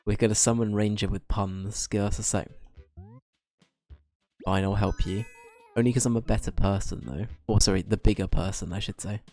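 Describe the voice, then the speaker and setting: Low-voiced male streamer. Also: fairly even intonation, warm tone, soft background music. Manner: joking, self-deprecating, quick asides. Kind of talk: casual gaming commentary.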